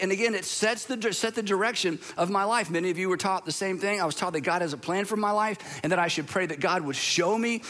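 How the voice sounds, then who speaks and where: A man's voice: high-pitched, a little fast, pushed and bright. A middle-aged man from Georgia, a pastor giving a sermon, telling personal stories in a conversational way with self-deprecating asides. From Georgia, USA.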